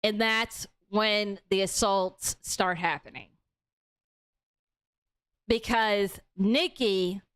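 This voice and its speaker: A young woman hosting a casual livestream movie review, animated and outspoken, swearing freely as she recounts the plot. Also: medium pitch, clean tone.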